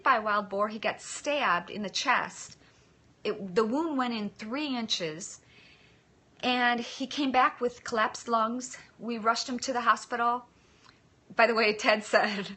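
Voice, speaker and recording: Woman, livestream host. Slightly high, bright, punchy voice. Loose, chatty phone-stream delivery with lots of asides. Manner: chatty, thanks viewers by name, scattered asides. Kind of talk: casual livestream chat.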